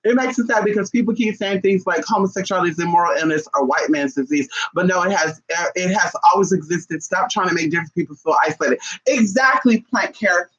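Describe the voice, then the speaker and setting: A woman vlogger telling a story to her viewers in a casual, animated and profane way, calling them "y'all". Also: fairly low pitch, fast, few pauses, lo-fi sound.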